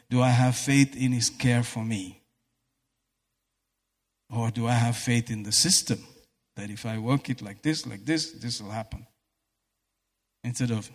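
A man preaching a sermon in a church hall, fervent and breaking into exclamations of praise. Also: medium pitch. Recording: echoey hall reverb.

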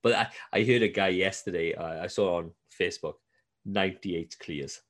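Male podcast co-host, low voice, animated, swears a lot. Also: normal speed. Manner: animated storytelling, swears freely. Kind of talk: casual chat.

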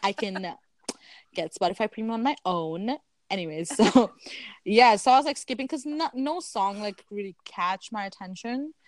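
Young woman co-host, animated storyteller, acts out quotes, laughs easily; dry, close recording. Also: medium pitch, normal speed, no room sound. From Canada. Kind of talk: casual chat.

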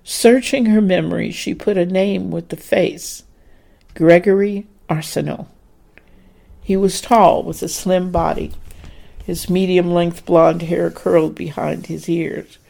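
A woman narrates a period novel in a steady, unhurried storytelling manner. Her voice sits low, with a gravelly fry running through it. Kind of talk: audiobook narration.

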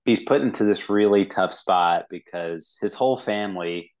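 Low-voiced man rambling about a movie. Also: normal speed. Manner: rambling, many restarts and fillers. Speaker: podcast co-host. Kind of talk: casual movie review chat.

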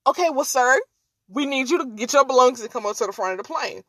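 Woman doing a flight attendant, brisk and official, rattles off orders, dry sound. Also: high voice, no echo, recorded from a distance. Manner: clipped, official, rapid.

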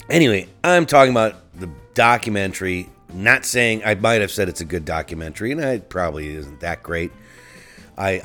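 A middle-aged man hosting a solo podcast, telling an angry story in a profane, ranting way with frequent restarts. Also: deep voice. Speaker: podcast host.

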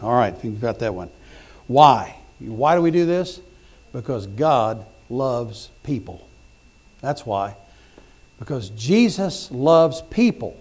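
A middle-aged pastor preaching a sermon, telling folksy stories with repeated words and restarts, then rising to loud emphatic points. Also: male voice, medium pitch.

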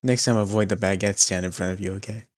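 A young man co-hosting a wrestling podcast, recapping the show in a dry, deadpan way. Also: on the low side, fast talker, no echo. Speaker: podcast co-host.

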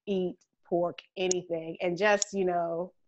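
A woman host chatting casually, telling a story with lively, acted-out quotes. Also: lowish voice, slow pace, a little hiss or hum. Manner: animated storyteller who acts out quoted voices.

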